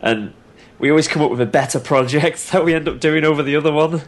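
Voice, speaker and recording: A man guesting on a casual podcast, enthusiastic and quick to agree. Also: fairly high pitch.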